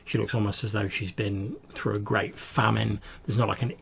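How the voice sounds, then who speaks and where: A man's voice: on the low side, little pitch movement, normal speed, creaky, a bit bright, slight background noise. A man narrating a tabletop game as game master, describing scenes with frequent fillers. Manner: descriptive, with many fillers and restarts.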